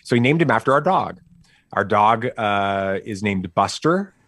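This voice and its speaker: A middle-aged man telling a family story casually as a podcast guest, animated and full of fillers and restarts. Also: lowish voice, unhurried, no room sound.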